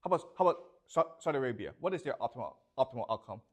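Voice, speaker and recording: A man's voice: medium pitch, big pitch swings, rapid-fire. Guy teaching a class, bouncy up-and-down voice, always asking "okay? you understand?". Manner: repeats questions to students, checks understanding often. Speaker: lecturer. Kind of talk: classroom lecture.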